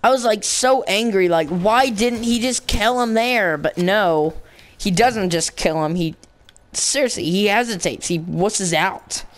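A young channel host giving playful, excitable commentary over a zombie game. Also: medium pitch, measured pace, few pauses. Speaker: gameplay commentator.

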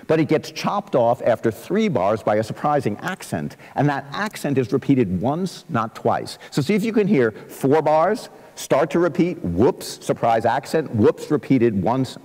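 A man, a composer, giving a lively lecture to students, reciting verse and scatting rhythms to show musical patterns. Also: medium pitch. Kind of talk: lively lecture with sung and spoken musical demonstrations. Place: large lecture hall. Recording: long reverb of a large lecture hall.

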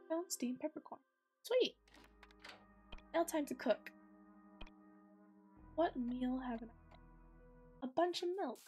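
A young woman streamer with a hoarse, sick voice, chatting casually and swearing as she plays. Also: high voice, mellow. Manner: chatty, swears freely, thinks aloud. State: hoarse from sickness and morning voice. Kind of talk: casual gameplay commentary.

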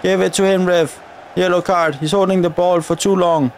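A man with a high-pitched voice talks through a football video game match in a chatty, running commentary. He keeps grumbling at the referee and his own players as he plays. A faint hum sits under the recording. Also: steady tone, moderate pace. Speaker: gaming video creator.

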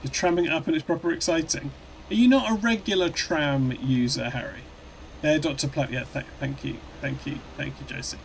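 A man chats on a live stream while he plays a truck game, rambling and good-humoured as he answers viewers and restarts his sentences. His voice sits a touch high for a man, and a faint hum runs behind him. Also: fairly quick, creaky, rough recording.

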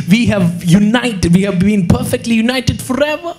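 A man preaching a sermon with an Indian English accent, animated, acting out quotes and breaking into sudden shouts. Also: high voice, normal speed, faint music behind. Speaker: pastor. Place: church hall.

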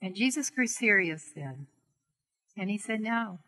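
A middle-aged woman teaching on healing prayer, telling a story gently and earnestly to an audience. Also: mid-range voice, animated, unhurried, rough recording. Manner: gentle, earnest storytelling with soft quoted voices. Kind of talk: storytelling talk to a seminar audience.

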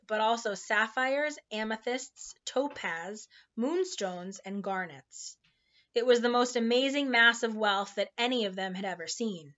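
A woman reading a children's novel aloud in a relaxed, informal way, tripping over hard words now and then. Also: a little high, muffled recording. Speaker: storybook reader.

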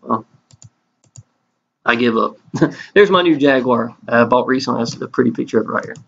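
A man's voice: medium pitch, normal speed, creaky, a bit bright. Folksy man with a dull lo-fi sound. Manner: earnest and folksy, calls out to viewers again and again. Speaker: network marketing promoter. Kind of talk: casual sales pitch over a screen tour. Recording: dull lo-fi recording.

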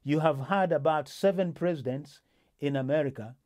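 A man's voice: on the high side, normal speed, darkish tone. A male host in a casual political discussion, talking with many restarts and fillers.

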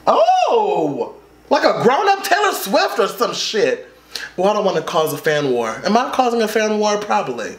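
A man's voice: sits high, huge pitch swings, normal speed, slight background noise. Sassy man with a wildly swooping voice. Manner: flamboyant, sassy and profane, with gasps and squeals. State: emotional, near tears. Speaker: YouTuber reacting to a music video. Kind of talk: casual reaction commentary. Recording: echoey room with music playing behind.

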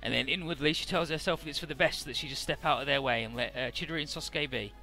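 A man's voice: a little high, fast talker, creaky, pushed and bright, soft background music. A man casually recapping a game's story, chatty, with many filler words and the odd swear. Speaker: let's play narrator.

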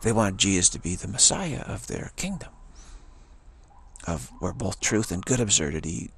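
A man telling a rambling spiritual story in a halting way, often repeating words and restarting. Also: sits low, sing-song, gravelly, fairly bright tone, a little hiss or hum.

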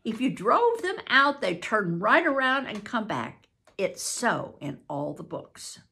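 A bossy, eager boy adventurer, voiced by an older woman reading aloud, leaping up and down in pitch. He talks slowly and confidently, like he knows all the books. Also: creaky, exaggerated voice. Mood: boastful. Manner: animated storytelling, confident.

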